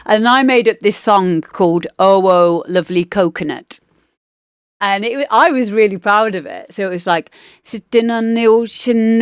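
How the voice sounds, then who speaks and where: A woman's voice: mid-range voice, clear, resonant tone, no room sound, clean studio sound. A woman, a DJ host chatting casually and rambling with laughs while reviewing demo tracks. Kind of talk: casual stream chat.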